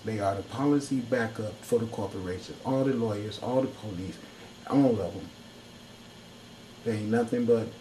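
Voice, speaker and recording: A man's voice: medium pitch, warm tone, slight background noise, poor audio. A man delivering heated, profane, preachy commentary in an angry rant. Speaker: video commentator.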